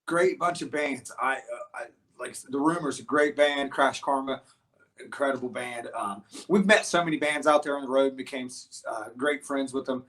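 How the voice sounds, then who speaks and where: An American man in a casual interview, talking in a loose, rambling way with lots of "um"s and repeated words. He gets swept up in his own story and keeps circling back to pick up the thread. His voice sits at an ordinary middle pitch. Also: normal speed. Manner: animated storyteller, many restarts and fillers. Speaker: guest musician.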